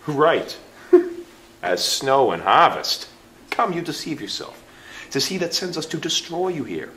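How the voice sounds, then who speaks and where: A man's voice: sits low, a little slow, slight background noise. A man doing a sneering hired killer. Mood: mocking. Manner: curt, sardonic, mocking laughs. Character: blunt hired male assassin, cold and mocking. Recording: roomy church echo, faint ambience.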